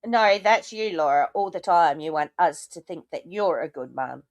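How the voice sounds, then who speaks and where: A woman's voice: fairly low pitch, lively intonation, moderate pace, no room sound. A woman hosting a show, commenting sarcastically on clips and swearing often. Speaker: host reacting to clips. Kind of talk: casual commentary over clips.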